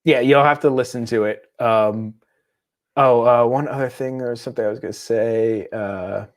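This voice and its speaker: A man's voice: mid-range voice, steady tone, normal speed. A man co-hosting a podcast, talking in a rambling, tangent-prone way. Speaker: podcast co-host. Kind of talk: casual chat.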